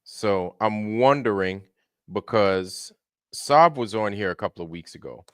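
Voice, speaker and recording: Chill guy on a livestream shouting out his viewers, lowish voice, dry sound. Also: expressive, a little slow, clear, resonant tone, dry recording. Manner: greets viewers one by one, laid-back. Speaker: livestream host. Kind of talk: casual livestream chat.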